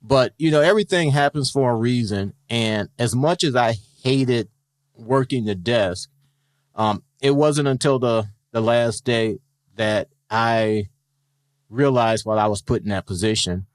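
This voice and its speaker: A man's voice: mid-range voice, measured pace, no echo. Middle-aged ex-cop guy telling stories, acts out the dialogue, dry sound. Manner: animated storyteller who acts out quoted dialogue. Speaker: retired police officer. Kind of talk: casual interview storytelling.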